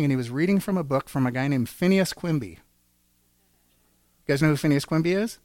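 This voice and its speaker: A man's voice: mid-range voice, a little fast, a little mellow, dry recording. A man giving an earnest personal testimony in a church, telling his story and acting out quotes. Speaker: church speaker.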